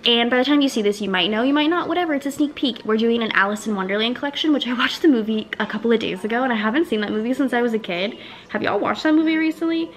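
A young woman with a highish voice races through a casual chat to camera about her small wax melt business. She's a vlogger who gushes and sometimes drops to a whisper.

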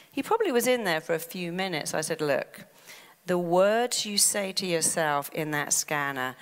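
A woman's voice: medium pitch, big pitch swings, normal speed, fairly bright tone. A woman giving a motivational stage talk, acting out quoted inner voices. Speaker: speaker. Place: stage in a large hall. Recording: long hall reverb.

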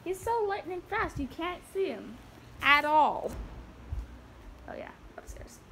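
A woman's voice: extremely high pitch, very animated, slow pace, a bit bright, a little hiss or hum. A woman giving a rambling, giggly home-tour vlog, recorded on her phone indoors. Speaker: vlogger.

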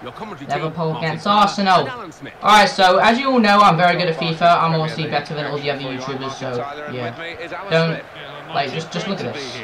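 A young man doing loud gameplay commentary for a football video game, swearing and shouting at the players. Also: a little high, normal speed, crowd noise, poor audio. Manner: excitable, swears a lot, yells at the game. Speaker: gaming YouTuber. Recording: game music playing behind. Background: soccer game music and commentary.

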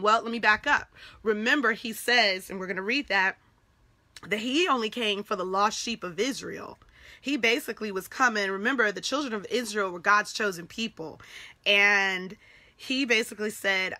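Bright, lively-voiced woman teaching Bible study. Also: medium pitch, measured pace, no room sound. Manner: conversational and encouraging, with frequent "okay?" asides; repeats words and restarts as she thinks aloud.

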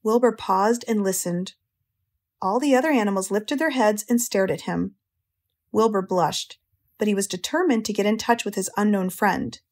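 An American woman narrating a children's audiobook in a slow, clear, gentle way. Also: medium pitch. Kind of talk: storybook narration.

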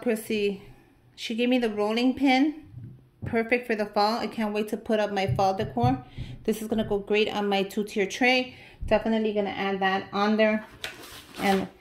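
A woman vlogger opening gift mail, chatting casually to viewers and gushing with excitement over each item. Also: mid-range voice. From United States. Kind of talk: casual unboxing chat to viewers.

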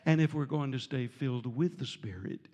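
A man preaching a storytelling sermon as a visiting preacher, animated and jovial, breaking into laughter and shouts. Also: mid-range voice, brisk, muffled recording. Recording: reverberant church sanctuary.

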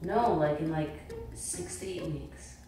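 A woman's voice: deep voice, lively intonation, slow pace, mellow, a little hiss or hum. A woman in her twenties arguing with her fiancé in a prank vlog, sleepy and then cursing and roasting him. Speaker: vlogger. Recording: echoey room from far off.

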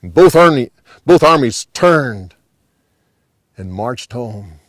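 A man telling a Bible story dramatically, rising with the action and dropping low at the ends of scenes. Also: slow, dry recording, studio quality. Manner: animated, dropping to hushed endings.

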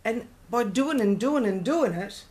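A woman's voice: fairly high pitch, lively intonation, measured pace, a little mellow. A woman earnestly recounting a personal experience in a casual group talk, often laughing between words. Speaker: participant sharing experience.

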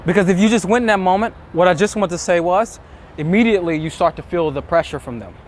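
A dating coach talks fast in a high-sitting voice, giving an emphatic motivational talk to camera. He acts out the inner thoughts of nervous men in quoted asides. There's a little hiss or hum on the recording.

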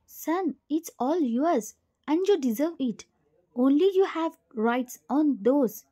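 Remorseful mother in middle age, read by a woman, gentle and sorrowful, mellow high tone. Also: expressive, takes it slowly. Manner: soft, apologetic.

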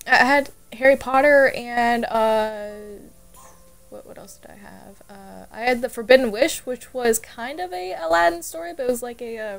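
A woman with a slightly high voice and some vocal fry gives a heavily acted performance. In a casual roleplay, she plays a flustered, nerdy young woman who stammers and giggles.

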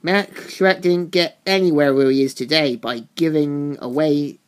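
A woman reading the lines of a ruthless male businessman villain from a comic, in a sneering, dismissive way and a fairly low voice. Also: measured pace. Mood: scornful.

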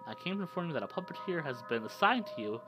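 A man with a cold, reading the lines of a smooth, patronizing masked gentleman in a top hat from a game. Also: on the high side, very animated, fast talker, over loud music. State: sick with a cold.

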